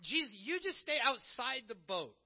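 A preacher playing a flustered, stammering doubter. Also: male voice, very high-pitched, very animated, moderate pace, vocal fry, highs cut off, exaggerated voice. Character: hesitant modern man brushing off help.

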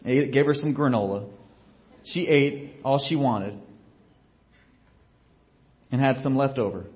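Animated pastor preaching with lo-fi sound. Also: male voice, mid-range voice, slow. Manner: animated storytelling, acts out quotes with big swings in loudness; casual and joking asides. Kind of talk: sermon.

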